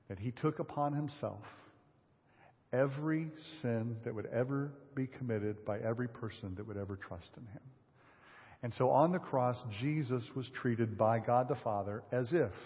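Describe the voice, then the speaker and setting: A male pastor delivers a sermon to his congregation, pressing them with rhetorical questions and dropping from loud emphasis to a hush. His voice is husky, and the recording is dull, with a long reverb trailing through the sanctuary. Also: mid-range voice.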